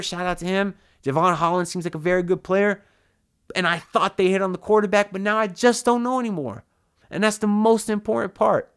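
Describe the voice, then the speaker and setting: A man's voice: on the high side, a bit bright, clean tone. A young man venting in a ranting, frustrated way about his football team, often repeating words as he talks. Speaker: sports fan vlogger. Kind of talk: ranting sports vent.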